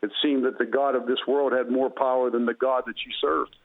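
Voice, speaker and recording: A man's voice: medium pitch, flat delivery, a little fast. Man telling his testimony over a phone line. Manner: earnest, repetitive storytelling. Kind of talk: emotional personal testimony.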